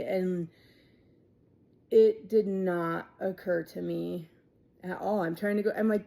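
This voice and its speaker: Gravelly, mellow woman telling a personal story. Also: on the low side, fairly even intonation. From Ohio, USA. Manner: halting, many fillers and quiet trailing asides. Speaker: storyteller recounting her life.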